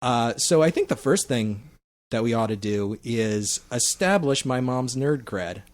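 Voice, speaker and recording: Lively-voiced male podcast host. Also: medium pitch. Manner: playful, halting with many fillers. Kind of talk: casual roundtable chat.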